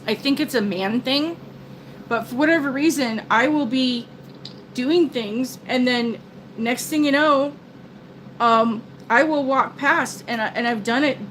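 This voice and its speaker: An older woman with a high-pitched, fairly bright voice hosts a live stream, chatting casually and rambling with lots of restarts. She calls herself a big talker. The audio is poor, with a little hiss or hum.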